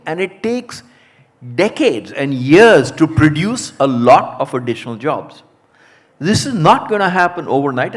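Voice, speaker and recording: A man answering as a panelist, polite and measured, laying out his points one by one. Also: a little high.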